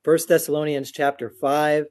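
A man's voice: on the high side, flat delivery, moderate pace, darkish tone. Male guest preacher, earnest and conversational, speaking to a church crowd through a stand mic. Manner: earnest and informal, with light self-deprecating humor. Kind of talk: conversational sermon. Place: church service before a congregation. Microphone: adjustable microphone on a stand.

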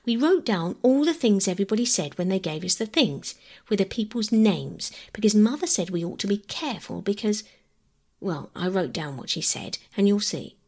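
A woman voicing an earnest, anxious young girl who pleads eagerly, in a husky, gravelly voice. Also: medium pitch, lively intonation, moderate pace, a little mellow. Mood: pleading. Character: earnest anxious eldest girl, about twelve.

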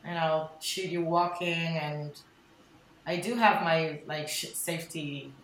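Roomy-sounding woman, candid and low. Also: slow, a little hiss or hum. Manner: candid, swears, many restarts and ums. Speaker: wedding photographer guest. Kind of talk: casual podcast chat.

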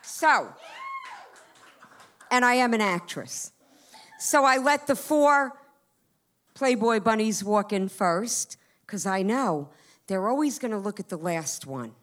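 A woman's voice: mid-range voice, lively intonation, slow pace, long pauses, a bit bright. A woman in her fifties doing stand-up storytelling, brash and profane, talking straight to the crowd. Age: 50s. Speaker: comedian.

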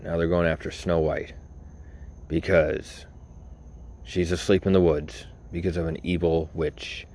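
A man's voice: low voice, darkish tone. A man hosting a talk show, ranting in a sarcastic, rambling way with lots of swearing. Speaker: podcast host. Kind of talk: comedic rant.

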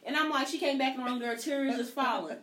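A woman's voice: high voice, quick pace. A woman telling stories about her daughter in a casual chat among friends, saying girl at nearly every turn. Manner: lively storyteller, says girl constantly. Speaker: mother. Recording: echoey room.

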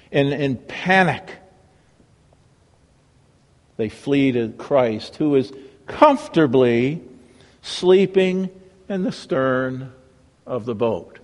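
A male pastor preaching a sermon with a dramatic delivery that swings from raised emphasis to hushed, reverent tones. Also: medium pitch, in a large hall.

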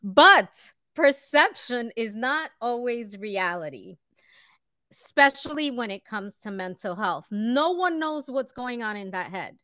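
A woman's voice: a little high, lively intonation, unhurried, bright, forceful tone, dry recording. A woman hosting an interview, asking questions in an encouraging way. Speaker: interview host. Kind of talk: casual interview conversation.

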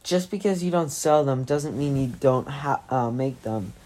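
Give me a scornful storybook mother, read by a woman with a deep voice. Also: animated, measured pace, mellow. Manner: accusing, scornful. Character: haughty angry mother in a green cape.

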